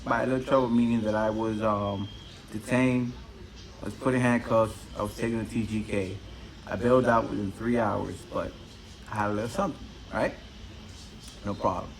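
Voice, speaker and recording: The recording carries a little hiss or hum as a man with a fairly low voice hosts his own podcast. His solo monologue is a loose, swear-filled stream of storytelling.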